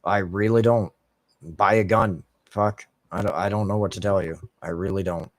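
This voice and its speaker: Low-voiced swearing man ranting while gaming. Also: steady tone, moderate pace, no echo. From Canada. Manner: profane, frustrated ranting, swears constantly. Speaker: gaming streamer.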